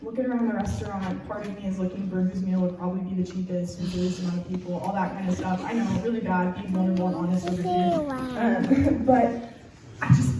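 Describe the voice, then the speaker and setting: A woman's voice: medium pitch, background noise. A young woman from Texas with a Texan accent gives a youth-group sermon, telling a personal story in an earnest, candid, chatty way. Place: church youth room, recorded from a distance. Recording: echoey room heard from far off.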